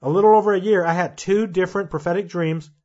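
A man's voice: high-pitched, steady tone, quick pace, dark tone, lo-fi sound. Earnest man telling prophetic dreams. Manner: earnest, grows fervent and emphatic. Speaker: preacher recounting prophetic dreams. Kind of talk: impassioned prophetic monologue.

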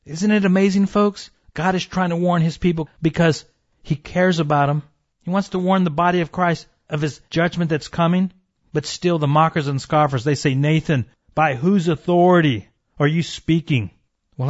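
A man's voice: high-pitched, muffled recording. A man preaching an emphatic sermon, calling his listeners folks and warning them of judgment.

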